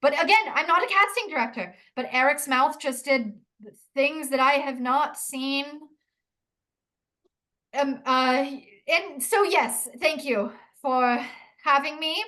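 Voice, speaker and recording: Woman, high bright voice, playful, rambling, mock-serious coach. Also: slow pace. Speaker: accent coach guest. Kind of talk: improv comedy chat.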